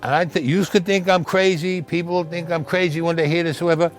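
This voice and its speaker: A man's voice: a little high, fairly even intonation, fairly quick, soft background music. A man, recounting a childhood memory with emphatic repetition. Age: 70s. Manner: emphatic, repeats key phrases. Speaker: interviewee.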